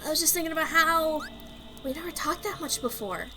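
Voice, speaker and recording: A woman's voice: sits high, fairly quick, music in the background, voice pushed up, lightly acted, low-quality recording. A woman voicing an eager, curious young kid in a video game, reading the part in a raised voice. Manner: earnest and curious.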